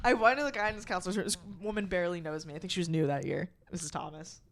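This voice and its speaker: Animated, foul-mouthed young woman podcast host. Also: fairly low pitch, fast talker. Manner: animated storyteller, swears freely, acts out quotes loudly. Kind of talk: casual chat.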